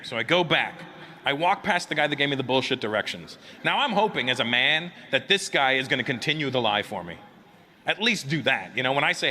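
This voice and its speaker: On a comedy club stage before a live audience, a man with a medium-pitched, brisk voice performs stand-up, telling stories and chatting with the crowd. He's animated, acting out both sides of each exchange, and the live club recording is noisy.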